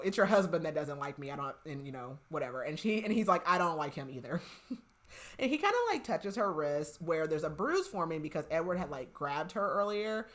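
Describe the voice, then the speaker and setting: A young woman hosting a podcast, casually retelling a novel's plot and filling her speech with "like". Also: sits low. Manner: chatty, heavy use of "like", retells scenes with quoted lines. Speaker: podcast host. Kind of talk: casual book recap.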